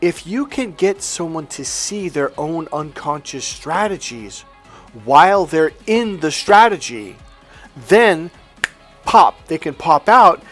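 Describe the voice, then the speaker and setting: A man speaking as a life coach, telling a client story in a lively way and acting out both voices in the exchange. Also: a little high, slow pace, faint music behind. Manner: animated storyteller, acts out both sides of dialogue. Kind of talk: coaching monologue with anecdote.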